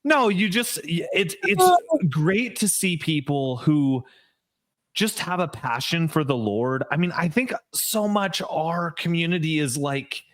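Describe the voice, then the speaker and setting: A man's voice: fairly high pitch, expressive, a little slow, dry recording, clean studio sound. A man hosting a faith podcast, talking in an earnest, rambling way with many fillers. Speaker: podcast host. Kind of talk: casual interview chat.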